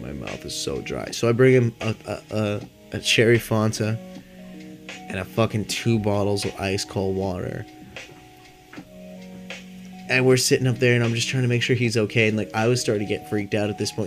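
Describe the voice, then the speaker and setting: A stoned young man hosting a podcast, rambling loosely through a casual story, swearing often. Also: lowish voice. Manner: rambling and laid-back, heavy swearing. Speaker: podcast host. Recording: clear music playing behind. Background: guitar music.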